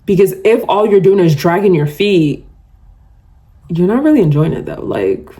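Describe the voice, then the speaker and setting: Woman, podcast host, casual solo talk, chatty, lower-pitched voice. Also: moderate pace. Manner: chatty, animated, laughs often, self-described yapper.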